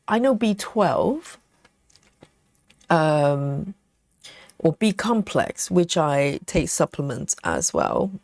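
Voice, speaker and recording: A woman's voice: fairly low pitch, darkish tone, no room sound. Chatty woman reading comments on a live stream. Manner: chatty, reads comments aloud and answers them.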